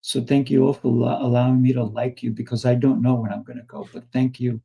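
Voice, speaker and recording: A man's voice: medium pitch, level tone, a little fast, gravelly, dark tone, slightly rough. A man hosting an interview show, telling anecdotes and acting out both sides of the conversations. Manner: tells anecdotes, acts out both sides of dialogues. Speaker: podcast host. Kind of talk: conversational storytelling.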